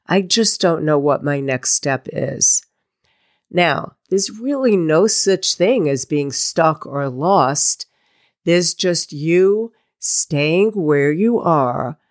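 A woman speaking as a life coach in a low, unhurried voice. She talks straight and blunt, calling listeners out on their excuses and voicing their inner doubts back to them. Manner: direct, tough-love pep talk with imagined quotes. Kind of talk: solo coaching podcast monologue.

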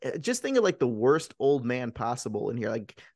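A man of middle pitch talking loosely about a movie he likes, cursing freely as he retells scenes. His voice is dry and close, with almost no room sound around it. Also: very animated, a little fast, darkish tone, no echo. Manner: swears often, retells scenes with put-on voices. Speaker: podcast co-host. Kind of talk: casual movie chat.

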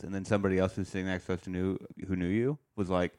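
Low-voiced man teasing his friends. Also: level tone, fast, a little mellow. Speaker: podcast co-host, stand-up comic. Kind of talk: casual chat.

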